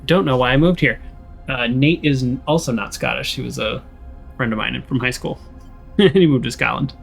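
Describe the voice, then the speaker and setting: A man's voice: medium pitch, normal speed, vocal fry, husky, soft background music. An American man casually playing through a story game, reading the text aloud and rambling in jokes between choices. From United States. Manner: rambling, joking, with restarts. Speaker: let's play host.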